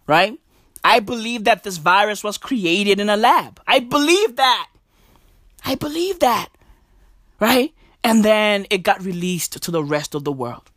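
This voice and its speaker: A man doing a profane stand-up comedy rant, animated and drawn-out, jumping up into high squeaky voices. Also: no room sound, clean studio sound. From South Africa.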